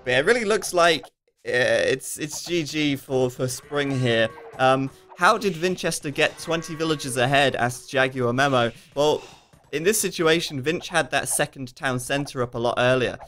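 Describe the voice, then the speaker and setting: A man giving live commentary on a strategy game match in a casual, chatty way, reading out viewer questions and dropping in quick asides with frequent fillers. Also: mid-range voice, a bit bright, soft background music. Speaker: esports commentator.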